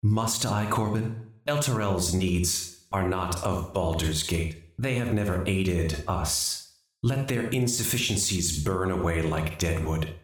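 A man's voice: deep voice, very echoey. Man playing an icy, aloof woman cleric. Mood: disdainful. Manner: cold, quiet and slow.

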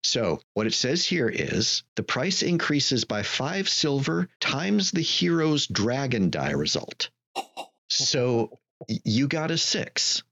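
A man narrating a tabletop role-playing game as game master, measured and descriptive with small hesitations, on a slightly dull lo-fi recording. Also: mid-range voice, sing-song, gravelly, sharp tone.

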